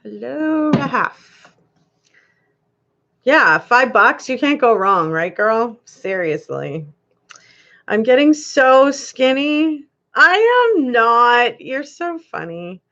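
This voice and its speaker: Giggly woman, lively pitch. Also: takes it slowly, highs cut off. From Canada. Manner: giggly, chatty, laughs often. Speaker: live-stream host. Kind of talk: casual live-stream chat reading comments.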